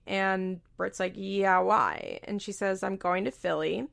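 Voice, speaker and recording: A woman casually recapping a reality show episode as a podcast host, chatty and opinionated, often quoting people in lively asides. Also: medium pitch, a little slow, creaky. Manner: chatty, opinionated, quotes others in animated asides. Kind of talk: casual chat.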